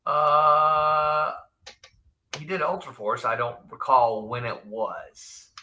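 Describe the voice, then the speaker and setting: Man, host, bright ringing tone, slightly high, lively, chatty with restarts. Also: slow, a little hiss or hum. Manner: animated storyteller, laughs often, many restarts. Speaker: host, former comics editor. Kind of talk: casual live-stream chat.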